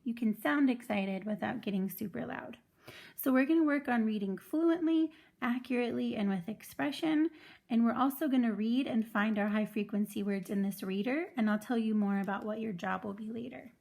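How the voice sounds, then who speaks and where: A woman teaching first grade in an online video lesson, clear and patient as she explains step by step. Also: on the high side, moderate pace, darkish tone.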